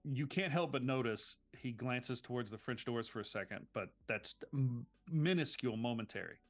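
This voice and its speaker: A man's voice: medium pitch, moderate pace, faint music behind. A man narrating a tabletop role-playing game as game master, in a casual way full of fillers. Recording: tinny phone-like stream audio.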